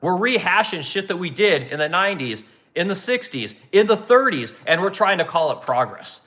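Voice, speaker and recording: A man from Oregon delivers a sarcastic, profanity-laden rant on his channel. His voice sits a little high and rings bright and forceful. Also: sing-song, moderate pace. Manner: exasperated, heavily profane, sarcastic. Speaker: channel host. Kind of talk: profane ranting commentary.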